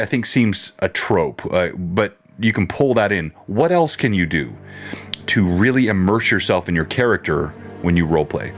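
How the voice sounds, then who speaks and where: A man hosting a casual live-stream chat about tabletop games, animated and quick to jump in, often repeating words as he talks. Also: sits low. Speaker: host.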